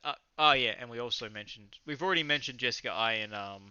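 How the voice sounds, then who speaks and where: A fast-talking young Australian man co-hosts a casual fight recap, speaking loosely and enthusiastically with bits of swearing and rambling. His mid-range voice is bright, forceful, clear and resonant. The recording is dry, with slightly muffled lo-fi audio.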